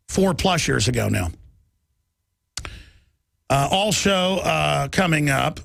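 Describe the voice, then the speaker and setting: A middle-aged man hosting a talk radio show, ranting in a heated, rapid political monologue. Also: fairly high pitch, creaky, fairly bright tone, dry recording.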